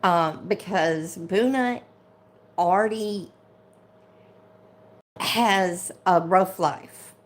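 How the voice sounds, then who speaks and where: A woman's voice: fairly low pitch, drawn-out words, pauses often. A woman hosting a casual livestream, ranting with indignation and greeting viewers by name as they join. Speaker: livestream host.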